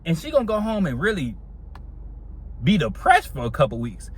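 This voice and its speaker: Young male storyteller, casual and slangy, fairly high voice. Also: wildly swooping pitch, normal speed, husky. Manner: laid-back, slangy, laughs between lines.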